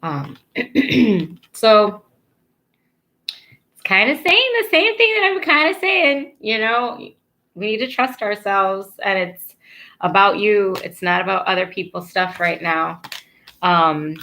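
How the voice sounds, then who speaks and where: A woman's voice: mid-range voice, animated, slow pace, pauses often, bright, forceful tone. A woman giving a casual spiritual card reading, earnest and encouraging, rambling with lots of fillers and losing her thread. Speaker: tarot card reader.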